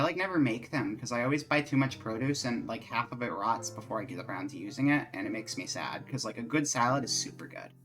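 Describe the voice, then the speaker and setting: A man's voice: medium pitch, fairly bright tone. A man streaming live, chatting casually and rambling from topic to topic in a self-mocking way. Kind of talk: casual live-stream chat while playing.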